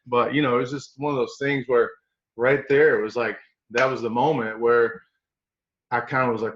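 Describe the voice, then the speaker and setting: A middle-aged man from East Tennessee with a Southern accent, telling coaching stories in a folksy, animated way on an interview show. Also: mid-range voice, normal speed, long pauses, echoey room, muffled recording. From East Tennessee, USA. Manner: folksy, animated, quotes others in voices. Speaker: strength coach guest. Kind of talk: storytelling interview.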